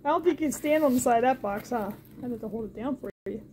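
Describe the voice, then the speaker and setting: In a casual home vlog, a woman filming her parrot unpacks new things for the bird, speaking fast in a high voice. She coos at it in sing-song baby talk, then turns to viewers with calmer explanations, faint household noise beneath her.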